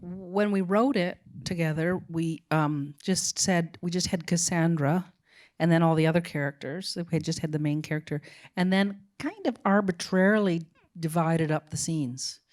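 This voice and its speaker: A middle-aged woman, a film director as guest, talking in a halting, musing way with many restarts. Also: on the low side, a little mellow. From Canada. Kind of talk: casual interview talk.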